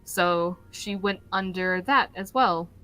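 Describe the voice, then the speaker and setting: A woman player describing her character in a halting way in a tabletop game. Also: lowish voice, a bit bright, poor audio. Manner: halting, laughs often.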